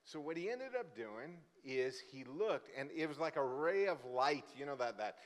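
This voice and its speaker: A man's voice: medium pitch, moderate pace. Man preaching in a reverberant church hall. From Brazil. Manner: lively, joking storyteller who acts out the characters. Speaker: guest pastor. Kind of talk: sermon with storytelling. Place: church sanctuary.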